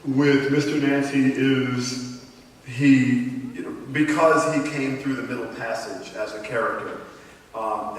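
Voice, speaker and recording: A man chatting on a convention panel, joking and telling stories quickly. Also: medium pitch, fairly bright tone. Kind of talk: casual panel chat. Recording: echoey hall, far from mic, faint noise.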